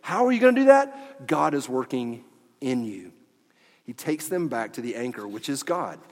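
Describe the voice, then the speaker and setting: A man preaching a sermon as pastor of a church, animated and at times dropping to quiet emphasis. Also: mid-range voice, normal speed. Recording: long church hall reverb.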